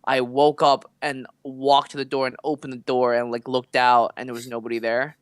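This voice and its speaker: A man co-hosting a podcast with a smooth, resonant voice, recorded close and dry. He tells his story in a loose, rambling way, full of fillers and asides. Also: mid-range voice, flat delivery, normal speed, no room sound. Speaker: podcast co-host. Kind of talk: casual storytelling chat.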